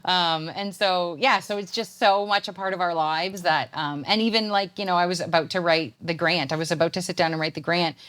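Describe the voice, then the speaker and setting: A Canadian woman in her thirties chats as an interview guest. Her voice sits a little low, and she rambles along with plenty of fillers and restarts. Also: fairly even intonation, brisk, few pauses, fairly bright tone. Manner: chatty, rambling with many fillers. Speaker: poet and guest. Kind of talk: casual interview chat.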